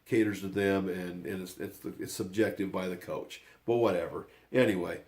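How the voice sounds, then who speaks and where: A man's voice: deep voice, steady tone, moderate pace, a little mellow. An older man, a grandfather, telling a family story in a rambling, casual way, often circling back with "anyway".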